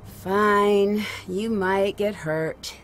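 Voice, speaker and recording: A woman's voice: mid-range voice, fairly even intonation, drawn-out words, soft background music. An actress voicing an earnest young female amateur detective in a mystery video game, asking questions in a curious, direct way.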